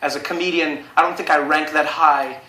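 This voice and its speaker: A young South African man doing stand-up on a late-night show, animated and slipping into character voices. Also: a little fast. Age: 20s. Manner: animated, jumps into high-pitched character voices for quoted people. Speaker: stand-up comedian. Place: television studio stage. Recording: echoey studio with audience noise.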